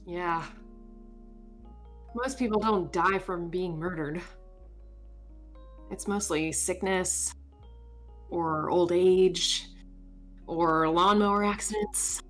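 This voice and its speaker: A woman reading as a deadpan morbid barista. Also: lowish voice, slow, pauses often, soft background music, voice pushed down. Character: sardonic young woman barista, dry and morbid. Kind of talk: reading game dialogue aloud.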